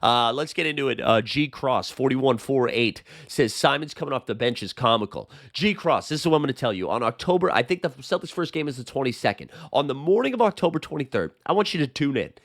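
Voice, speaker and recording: A man with a Boston accent hosting a casual sports chat, his voice hoarse from being sick, talking in a rambling way with lots of fillers. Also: medium pitch, lively intonation, fast talker, hardly any pauses, a bit bright, no room sound, clean studio sound. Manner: chatty, rambling with many fillers. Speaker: sports channel host.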